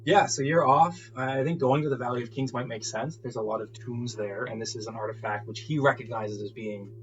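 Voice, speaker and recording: A man narrating a solo tabletop game as game master, relaxed and rambling, with frequent laughs and fillers. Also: mid-range voice, brisk, a little hiss or hum. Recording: dull lo-fi recording with faint music.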